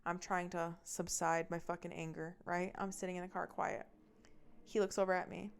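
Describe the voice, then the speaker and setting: A woman hosting a podcast, telling a personal story with heavy swearing and a heated, fast delivery. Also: on the low side, flat delivery, clear, resonant tone. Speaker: podcast host.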